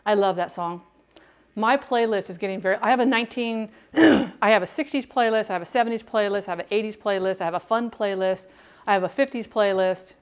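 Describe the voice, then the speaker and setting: A woman's voice: mid-range voice, a little fast, clear, resonant tone. A woman hosting a casual cooking livestream from her kitchen, chatting to viewers, humming and singing along, and laughing often.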